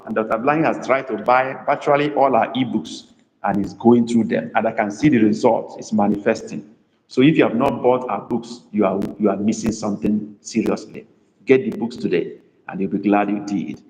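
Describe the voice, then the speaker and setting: A man's voice: fairly low pitch, darkish tone, reverberant, long reverb tail, low-quality recording. A man with a Nigerian accent teaching a live online language lesson, chatty and teasing as he calls on students by name. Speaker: Igbo language tutor.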